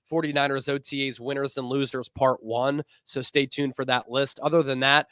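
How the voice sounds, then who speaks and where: Male guest, relaxed upbeat talker, mid pitch, dry mic. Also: normal speed, clear, resonant tone, dry recording. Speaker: guest co-host. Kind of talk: casual sports podcast chat.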